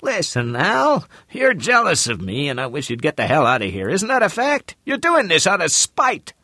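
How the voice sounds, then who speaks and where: A man doing a squeaky, defensive old man. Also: huge pitch swings, moderate pace, bright, forceful tone, no room sound, studio quality, heavily acted. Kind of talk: audiobook character reading.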